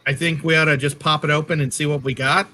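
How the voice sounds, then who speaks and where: A man's voice: on the high side, steady tone, fast, sharp tone, slight background noise. A man co-hosting a casual livestream, chatty and jokey, often stopping to correct himself. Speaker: co-host.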